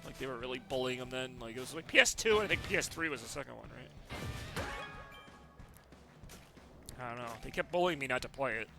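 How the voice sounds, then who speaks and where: A man's voice: medium pitch, expressive, fairly quick, creaky, long pauses, music in the background. A man streaming a game live, chatting casually with viewers, rambling and laughing often.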